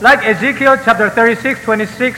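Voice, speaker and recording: A man's voice: very high-pitched, quick pace, sharp tone. A man interpreting a sermon phrase by phrase, sometimes hesitating and restarting. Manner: follows the preacher phrase by phrase, with fillers and restarts. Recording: roomy hall reverb with faint noise.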